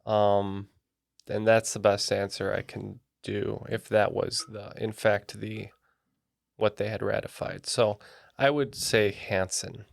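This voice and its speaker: A man co-hosting a trivia podcast in a studio, thinking aloud with halting pauses. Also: on the low side, level tone, creaky, no room sound. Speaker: trivia podcast co-host and contestant. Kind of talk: casual chat.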